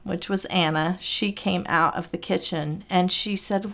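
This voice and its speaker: An older woman tells stories from her early years, taking her time with each memory. Her voice sits a bit low and her delivery is slow and thoughtful, like relaxed conversation. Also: vocal fry. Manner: slow, reflective storytelling. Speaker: podcast guest. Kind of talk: casual interview.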